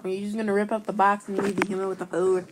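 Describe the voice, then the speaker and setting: A woman's voice: mid-range voice, little pitch movement, rapid-fire, noisy background. A woman casually reading memes aloud, giggly and playful, slipping into silly voices. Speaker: meme reaction video maker. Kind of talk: casual meme reading commentary.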